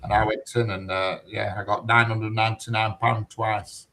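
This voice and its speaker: A man's voice: fairly low pitch, little pitch movement, normal speed, background noise. A man telling stories in a casual, blunt chat, swearing and laughing at his own tales. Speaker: storyteller in a group chat.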